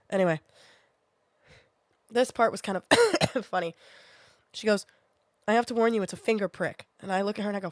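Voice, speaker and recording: A woman's voice: medium pitch, normal speed, long pauses, no room sound, studio quality. A woman in her twenties who is sick with a sinus infection, telling a rambling story to her stream with lots of swearing. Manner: swears freely, rambling and animated. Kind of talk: casual storytelling to a live chat.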